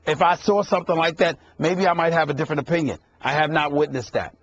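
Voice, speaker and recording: Emphatic, repetitive sports debate host. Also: male voice, fairly high pitch, fast talker, lo-fi sound. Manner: emphatic, repeats himself for emphasis, cuts in.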